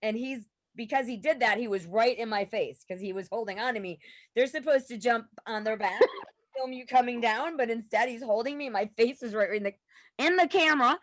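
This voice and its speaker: A woman guest on a podcast, telling a story in a casual, animated way and laughing often. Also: fairly high pitch, brisk, dry recording.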